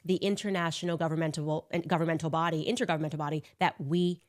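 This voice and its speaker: A woman delivering opinionated political commentary in a sarcastic, animated way. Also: low-pitched, fast talker. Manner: sarcastic, animated, mocks with put-on voices.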